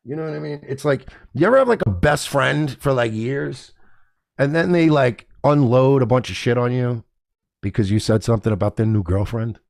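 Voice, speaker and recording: A podcast host rants casually to camera, indignant and heavily profane, mocking others in put-on voices. His medium-pitched voice is a little mellow with vocal fry, at a moderate pace. The sound is studio quality with no room sound.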